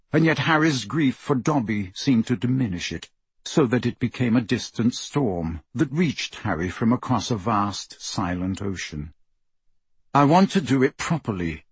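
A man narrating an audiobook in a measured, somber way on a close studio mic. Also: fairly low pitch, breathy edge, no echo.

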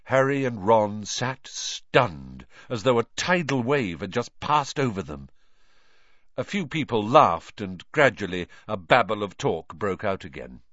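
A man narrating a storybook in an animated, dramatic reading. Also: fairly low pitch, unhurried, dry recording, dull audio. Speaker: audiobook narrator.

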